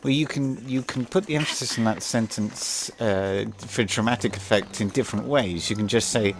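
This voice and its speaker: A man's voice: lowish voice, moderate pace, few pauses, soft background music. A man giving casual, rambling gameplay commentary, hesitant and full of fillers.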